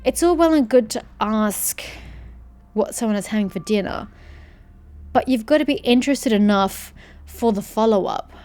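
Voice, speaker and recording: A woman's voice: a little high, moderate pace, long pauses, a little mellow. A woman streamer giving casual let's-play commentary with chatty, wry asides. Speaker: video game streamer.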